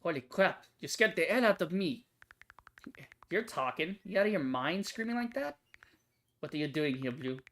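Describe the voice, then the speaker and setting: A man voicing a grieving, vengeful young woman at a grave, with a put-on French accent and low, bitter vows of revenge. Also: expressive, moderate pace. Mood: startled, defensive.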